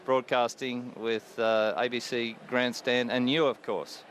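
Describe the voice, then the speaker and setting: A man's voice: medium pitch, little pitch movement, measured pace. A man in his sixties chats on a cricket radio broadcast and laughs often at his own stories. His voice sits in the middle range. Faint noise hums behind him. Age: 60s. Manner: chuckling, warm-hearted, laughs often. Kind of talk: casual on-air chat.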